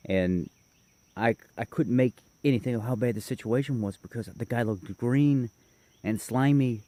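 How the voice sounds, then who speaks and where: A man's voice: mid-range voice, normal speed, warm tone. A man casually telling a long personal story, rambling and correcting himself as he goes. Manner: rambling, self-correcting, detailed.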